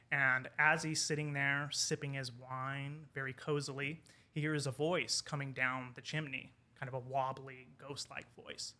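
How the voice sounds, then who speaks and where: Bright-voiced man retelling a folk tale. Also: medium pitch. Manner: animated retelling with quoted character lines. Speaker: podcast guest, English professor. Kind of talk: casual storytelling over wine.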